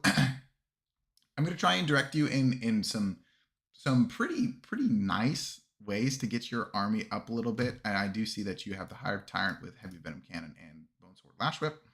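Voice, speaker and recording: A man hosts a casual livestream with a bright, forward tone. He rambles through fillers and restarts and chuckles often. He sounds close to his desk mic. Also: lowish voice. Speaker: streamer reviewing army lists.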